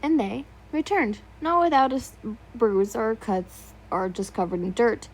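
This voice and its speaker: A woman's voice: on the high side, lively intonation, unhurried, poor audio. A woman reading fan fiction aloud, stumbling over words now and then and remarking on typos. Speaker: story reader.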